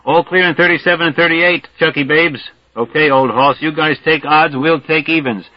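A man voicing a rowdy, drunken American soldier calling out loudly to his buddies. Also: fairly high pitch, steady tone, moderate pace, no echo, pitched above the performer's own voice, natural voice. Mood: hollering. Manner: loud, calling out. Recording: dull dry studio sound.

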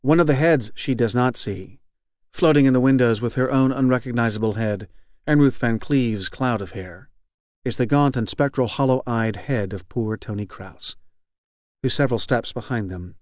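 A man reading literary fiction aloud as an audiobook narrator, measured and even. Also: medium pitch, dry recording, clean studio sound. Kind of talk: scripted narration.

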